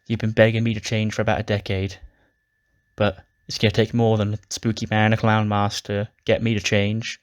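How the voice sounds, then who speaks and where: A man voicing a boastful veteran male wrestler in brash, swaggering promo talk, in a low, flat voice. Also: normal speed, close to an everyday voice.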